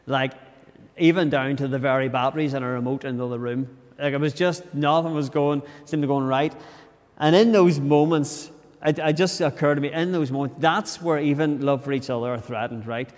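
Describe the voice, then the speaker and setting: A man's voice: medium pitch, steady tone, brisk, big-room sound. A man preaching a sermon in a church, talking earnestly and conversationally, often restarting his sentences. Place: church during a service.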